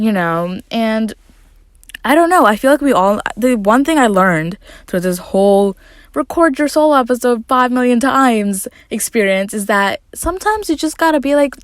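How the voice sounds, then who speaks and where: A woman's voice: fairly high pitch, expressive, moderate pace, no room sound. Woman, podcast host, chatty, rambling, fillers, closet at home, dry close sound. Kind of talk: casual solo podcast talk.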